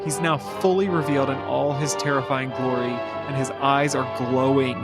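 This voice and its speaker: A man's voice: mid-range voice, fairly even intonation, moderate pace, over loud music. A man hosting a casual podcast, walking through a show concept with dramatic storytelling narration. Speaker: podcast host pitching a concept.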